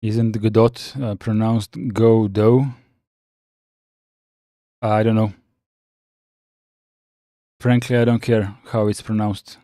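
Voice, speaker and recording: A man chatting casually on a live stream, reading out viewer comments and answering with frequent pauses and restarts. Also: fairly low pitch, little pitch movement, warm tone, no room sound, studio quality. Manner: halting, many fillers and restarts, reads chat aloud.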